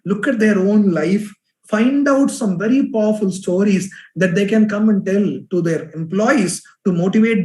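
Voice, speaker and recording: A man with a high, light voice leads an online workshop on business storytelling. He talks in an animated way and doubles up words for emphasis. His voice rings around an echoey room.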